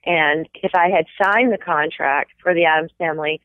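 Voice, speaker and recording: Chatty Southern-raised actress on a tinny line. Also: female voice, deep voice, moderate pace, no echo. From American South. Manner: chatty, animated, demonstrates accents in passing. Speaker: Broadway actress, guest. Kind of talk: casual interview chat. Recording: tinny phone-like dry sound.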